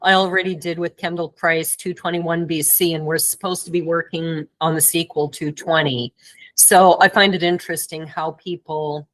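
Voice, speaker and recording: A woman's voice: low-pitched, steady tone, normal speed, fairly bright tone, low-quality recording. A woman hosting a podcast, asking her guests curious, friendly questions in a casual chat. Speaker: podcast host.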